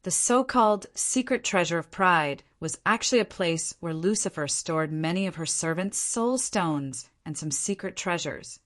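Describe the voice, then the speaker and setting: A woman narrating an audiobook in an even, measured reading style. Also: fairly low pitch. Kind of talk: scripted narration.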